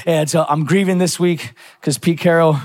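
High pitched guy preaching, lively stories and prayers, church sanctuary echo. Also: moderate pace. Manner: energetic preaching with personal stories and quoted prayers. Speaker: pastor. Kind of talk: sermon. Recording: long church-hall reverb.

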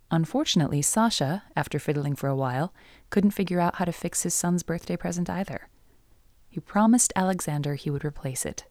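A woman telling a scripted story as narrator, in a slow, solemn way. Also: low-pitched, dark tone, dry recording, studio quality.

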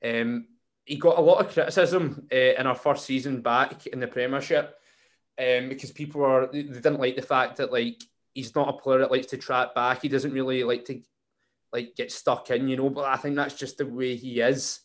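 A man's voice: mid-range voice, steady tone, moderate pace. Chatty man hosting a podcast. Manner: rambling, with frequent fillers and restarts. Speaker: podcast host. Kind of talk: casual football podcast chat.

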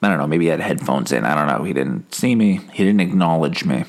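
A man hosting a comedy podcast, telling a rambling, deadpan monologue full of self-corrections and dark punchlines. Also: very deep voice, fast talker, gravelly. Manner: escalates mundane stories into dark punchlines. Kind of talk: absurdist comic monologue.

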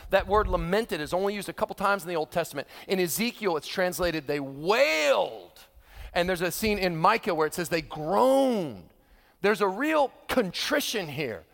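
A middle-aged male pastor preaching a sermon, animated and acting out quoted voices with humor. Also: high voice, normal speed, gravelly. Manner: animated, acts out quoted voices, laughs with the audience. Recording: long hall reverb.

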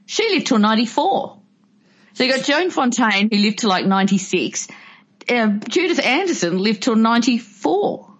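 A woman's voice: fairly high pitch, big pitch swings, moderate pace, slightly rough. A woman guest on a podcast, chatting about an old film in a chatty, enthusiastic way. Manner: chatty and enthusiastic, breaks into funny impressions. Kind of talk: casual film discussion. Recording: dull lo-fi recording.

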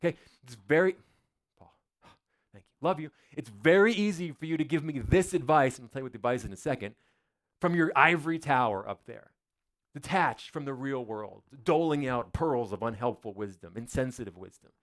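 A man's voice: medium pitch, expressive, fairly quick. A male pastor preaching a sermon in a church, in a conversational, joking way full of rhetorical questions.

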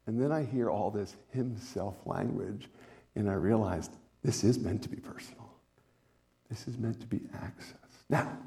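A male pastor preaching a sermon in an animated way, dropping to hushed tones and then rising to emphatic ones. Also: mid-range voice, breathy edge.

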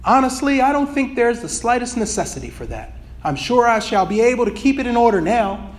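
A man's voice: very high voice, very animated, brisk, pitched above the performer's own voice. A man reading aloud and voicing an evasive, embarrassed male ghost who pleads and makes polite excuses. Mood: pleading.

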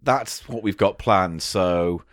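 A man's voice: low voice, slow, a bit bright, no room sound, clean studio sound. A man co-hosting a casual comedy podcast, swearing and bantering while spinning playful tall tales. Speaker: podcast co-host.

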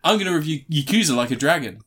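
A man's voice: fairly high pitch, expressive, quick pace, fairly bright tone. A man hosting a podcast, chatting casually and cracking crude, goofy jokes. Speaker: podcast host.

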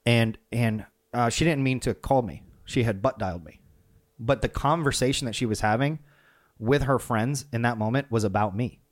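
A man's voice: medium pitch, moderate pace. A man casually telling a personal story about leadership, with frequent restarts and acted-out quotes. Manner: conversational, animated retelling with many restarts.

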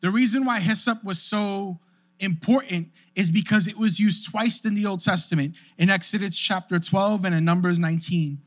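A man's voice: high voice, moderate pace. A young adult male pastor preaching a sermon in a casual, conversational way, often checking in with the listeners. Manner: conversational preaching, frequent "right?" asides.

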